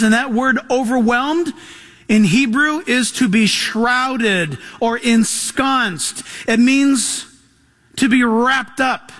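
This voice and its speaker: A male pastor preaching a sermon, emphatic, swinging between loud passages and hushed ones. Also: very high-pitched, takes it slowly.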